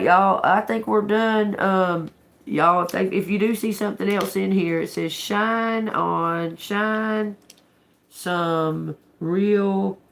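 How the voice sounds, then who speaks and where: Very slow, gravelly woman musing aloud. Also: mid-range voice, fairly bright tone. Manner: slow, musing, repeats words as she reads them out; casual, swears and laughs to viewers. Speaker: tarot reader. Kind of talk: live-stream tarot reading.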